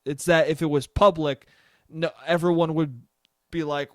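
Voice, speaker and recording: A young man talks through a solo podcast monologue, slightly high-voiced and loose, swearing freely and cracking himself up. The sound is dry and close, with no room in it. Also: fairly even intonation, brisk, a little mellow, dry recording. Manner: rambling, profane, laughs often. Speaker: podcast host.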